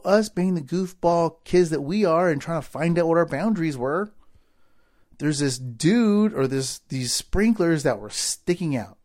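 A man telling a story from his boyhood in a loose, casual way. He drops into low, quiet asides and then rises into loud, excited bursts as he acts out the people in it. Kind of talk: storytelling speech.

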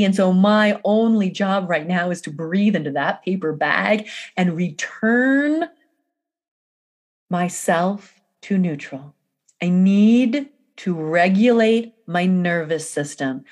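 A woman coach talking slowly and deliberately through an intense personal story. She leans on repeated phrases and long dramatic pauses. Her pitch sits in a middle range for a woman. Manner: emphatic, repetitive, dramatic pauses. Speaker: energy coach.

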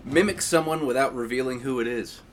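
A man's voice: mid-range voice, brisk, a little hiss or hum. A man hosting a casual chat, reading out prompts in an amused way and laughing often. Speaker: podcast host. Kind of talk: casual question-and-answer chat.

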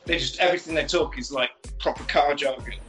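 A man's voice: fairly high pitch, a little fast, fairly bright tone, soft background music, poor audio. A man hosting a podcast, animatedly retelling a film plot for laughs. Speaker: podcast co-host. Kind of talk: comic film recap.

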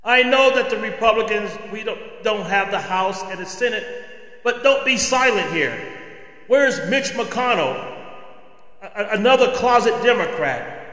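Angry male podcaster, slow deliberate rant, roomy reverb. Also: high-pitched, animated, a bit bright. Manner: angry, ranting. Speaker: podcast host. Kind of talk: political commentary monologue. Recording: roomy echo with long reverb.

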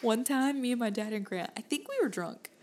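A woman's voice: fairly high pitch, expressive, a little fast, darkish tone, slight background noise. A young woman with a Southern US accent, co-hosting a podcast and telling stories in casual, rambling chat. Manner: rambling storyteller, laughs easily. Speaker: podcast co-host.

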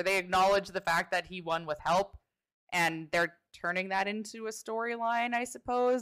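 A woman co-hosting a casual talk show, with a bright, forceful voice. She chats in a playful, loose way and teases about her own predictions. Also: medium pitch, fairly even intonation, moderate pace, clear, resonant tone. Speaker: podcast co-host. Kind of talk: casual wrestling chat.

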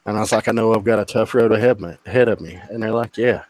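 A man's voice: fairly low pitch, fast, a little mellow. A man telling a personal story in casual conversation, candid and emotional, with plenty of swearing. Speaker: podcast guest.

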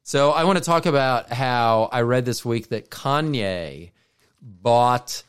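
A man's voice: medium pitch, expressive, slow, smooth. A man co-hosting a podcast in casual chat, telling stories in a rambling way with many asides and restarts. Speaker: podcast co-host.

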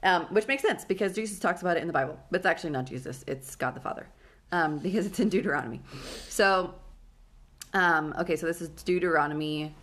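A woman's voice: fairly low pitch, fast talker. A young woman co-hosting a casual faith podcast, telling stories with lots of fillers. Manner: animated storyteller, acts out her past panic with laughing and shouting. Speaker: podcast co-host.

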